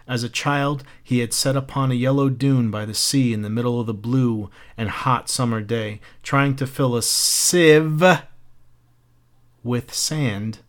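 A man narrating a novel aloud in an unpolished reading that corrects its own slips. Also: mid-range voice. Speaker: reader. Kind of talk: audiobook narration.

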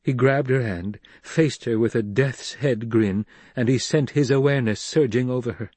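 Male audiobook narrator, measured, husky, dry. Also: mid-range voice, darkish tone, no echo. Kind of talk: scripted narration.

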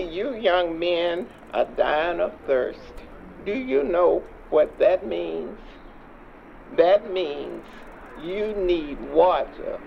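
Gravelly old street preacher, slow and measured, dull lo-fi sound. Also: male voice, on the high side, a little hiss or hum, full character voice. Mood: stern. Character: stern elderly churchgoer preaching to young men. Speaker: elder leading a prayer.

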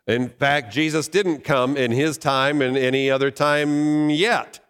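A man's voice: on the high side, steady tone, measured pace, a bit bright, smooth, long reverb tail. A male pastor giving a sermon in a conversational way, asking his listeners questions. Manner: conversational preaching with rhetorical questions.

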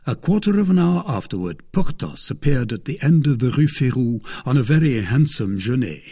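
A man narrating an audiobook with expressive storytelling. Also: mid-range voice, moderate pace, few pauses, breathy edge. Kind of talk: scripted narration.

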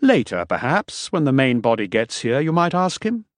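A man's voice: medium pitch, big pitch swings, moderate pace, no room sound, clean studio sound, pitched above the performer's own voice, lightly acted. A man doing a clipped, commanding mercenary leader. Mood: diplomatic. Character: brisk, cautious male mercenary commander. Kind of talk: audiobook character voice.

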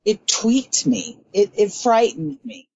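A woman's voice: mid-range voice, takes it slowly, a little mellow, breathy edge, no room sound. A woman earnestly recounting a personal memory in a reflective, casual way. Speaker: interview guest. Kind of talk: casual storytelling. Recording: dull lo-fi sound.

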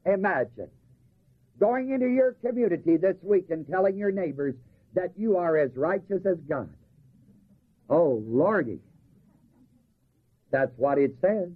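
A man preaching a sermon. He reads scripture, asks the congregation to fill in the missing words, and slows down to stress key phrases. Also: sits high, lively intonation, husky. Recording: tinny lo-fi recording.

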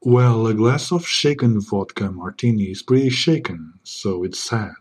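A man playing a smug secret agent in a comedy sketch, keeping a low, smooth, deadpan voice. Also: unhurried. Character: suave smug male secret agent parody.

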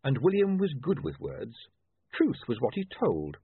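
Male audiobook narrator, lively delivery, slightly husky, lo-fi phone sound. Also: mid-range voice, measured pace. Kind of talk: scripted narration. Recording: tinny dry phone-like line.

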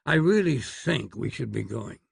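A man's voice: medium pitch, sing-song, a little slow, creaky, husky, no echo, clean studio sound, heavily acted. A man voicing a fussy, courteous elderly doctor in a storybook reading. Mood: prim. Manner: prim, courteous, flustered.

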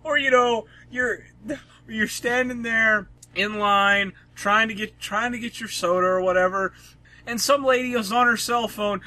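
A man's voice: high-pitched, steady tone, measured pace, pushed and bright. A man co-hosting a casual comedy podcast, rambling through crude jokes and laughing often. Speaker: podcast co-host.

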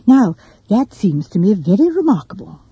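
A woman voicing a kindly elderly spinster aunt who talks softly and fusses over small details, in a storybook reading. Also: medium pitch, very animated, normal speed, breathy edge, no echo, muffled recording, exaggerated voice. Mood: gentle. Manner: soft, gentle, fussy over small details.

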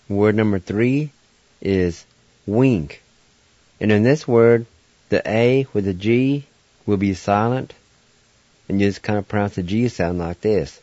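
This radio host teaching vocabulary has a lowish, warm voice and speaks slowly, leaving long pauses. He patiently spells each word one letter at a time and methodically repeats every syllable. There's no room sound, though the radio recording itself is dull and lo-fi.

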